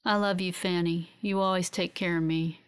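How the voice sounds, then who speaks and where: A woman voicing a weak, injured young man who is drifting out of consciousness, speaking in a faint, halting murmur. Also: lowish voice, fairly even intonation, clean tone, close to an everyday voice. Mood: faint, drowsy.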